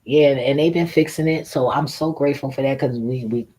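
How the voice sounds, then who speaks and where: A woman streaming a casual, profane rant, animated and laughing often as she talks. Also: a bass voice, brisk, a little hiss or hum, poor audio. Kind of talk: casual ranting monologue.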